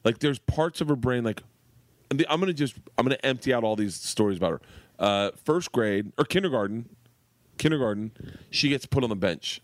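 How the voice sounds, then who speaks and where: A man, a guest comedian, telling animated, profane family anecdotes in casual podcast chat. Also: mid-range voice, a little fast, dry recording, clean studio sound. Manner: animated anecdotes, swearing and laughing.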